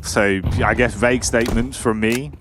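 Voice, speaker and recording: A man's voice: mid-range voice, normal speed. A man casting an esports match, telling stories with lots of laughter and casual swearing. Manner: animated storyteller, laughs a lot, swears casually. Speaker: esports caster. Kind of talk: casual co-commentary banter. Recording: noisy background.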